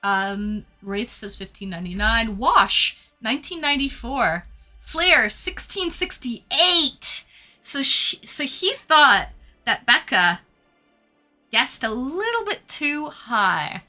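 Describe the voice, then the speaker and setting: A woman's voice: fairly high pitch, very animated, slow, bright, forceful tone, faint music behind. A Canadian woman hosting a casual live stream, chatting with viewers, reading out their comments and thanking them.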